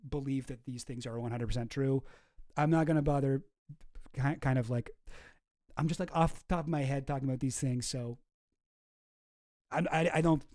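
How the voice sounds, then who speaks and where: A man's voice: mid-range voice, a little mellow. Profane, ranting man. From Canada. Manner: profane, ranting, with frequent restarts. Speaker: commentary host. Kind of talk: casual reaction commentary.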